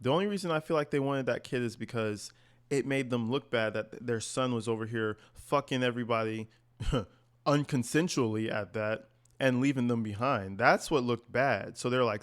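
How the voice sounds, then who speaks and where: A man hosting a commentary channel, reacting to an interview in a blunt, profane, animated rant. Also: mid-range voice, normal speed.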